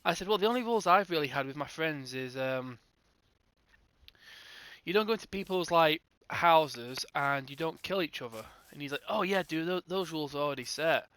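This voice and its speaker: A man's voice: a little high, animated, moderate pace, fairly bright tone, smooth, no room sound. A young man casually telling a rambling gaming storytime, acting out both sides of the conversation. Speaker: gaming channel host.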